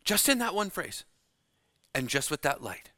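A man preaching a sermon, slow and dramatic, dropping to a hush to stress key words. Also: fairly high pitch, sing-song, no echo.

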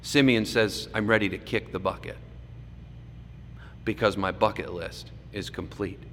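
A man preaching a sermon, swinging between loud emphasis and hushed asides. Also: lowish voice, fairly even intonation, measured pace. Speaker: pastor. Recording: echoey hall with faint background noise.

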